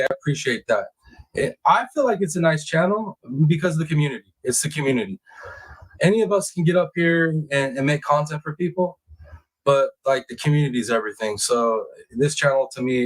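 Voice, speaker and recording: A man hosting a live stream, joking and excitable as he comments and talks to his chat. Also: fairly high pitch, poor audio.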